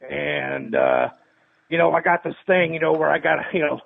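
A man's voice: a little high, steady tone, moderate pace, gravelly, husky. A man calling in to a show with a rambling, aggressive prank call. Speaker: caller. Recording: tinny phone line.

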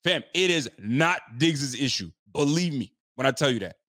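A man's voice: mid-range voice, lively intonation, moderate pace, a bit bright. A man giving a frustrated, blunt post-game reaction, repeating himself and using casual slang. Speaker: sports fan commentator.

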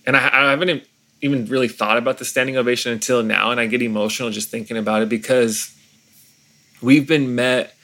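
A man, a pastor, talking in an earnest, reflective way during an interview, often pausing and restarting his sentences. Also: medium pitch, fairly even intonation, pushed and bright.

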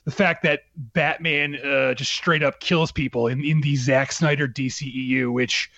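A man's voice: fairly high pitch, steady tone, normal speed, pushed and bright, dry recording, lo-fi sound. A man talking casually on a podcast as a writer, chatty, with many fillers and laughs.

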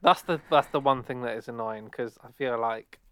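A man's voice: mid-range voice, moderate pace, fairly bright tone, clear, resonant tone. A young man in his twenties from England, co-hosting a podcast in casual, rambling chat full of fillers. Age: 20s. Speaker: podcast co-host.

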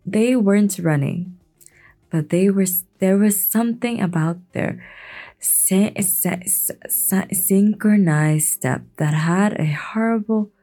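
A woman giving a relaxed late-night fantasy reading, hesitant and chatty, stumbling and breaking off for asides. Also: mid-range voice, takes it slowly. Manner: laid-back, hesitant, self-interrupting. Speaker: bedtime reader.

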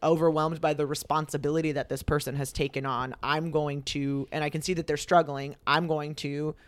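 A man's voice: on the high side, little pitch movement, a little fast, clean tone, no echo. Chatty young man retelling a story. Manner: retells a myth with lots of fillers and acted quotes. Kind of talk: casual storytelling chat.

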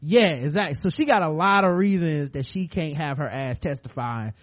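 A man's voice: fairly high pitch, moderate pace. A man co-hosting a podcast, casually retelling a TV episode and acting out the scenes in quoted voices. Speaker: podcast co-host. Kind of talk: casual chat recapping a TV episode.

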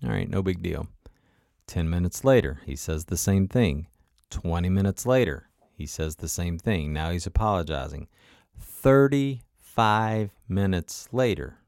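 A man's voice: low-pitched, no echo, clean studio sound. A man telling a personal travel story in a conversational, motivational way, often turning to the listener with asides.

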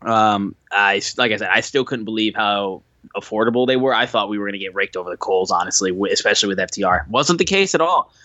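Young man, podcast co-host, casual storytelling, acts out quotes, slightly low voice. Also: fast talker, sharp tone, dry recording, dull audio.

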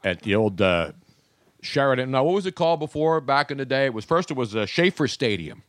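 A man's voice: medium pitch, sing-song, fairly quick, dry recording, studio quality. A man hosting a talk show, joking and rambling in casual banter. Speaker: radio show host.

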